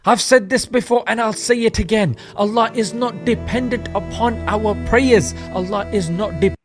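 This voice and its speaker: A man's voice: high voice, normal speed, over music. A man preaching emphatically in a played clip, asking rhetorical questions. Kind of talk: sermon.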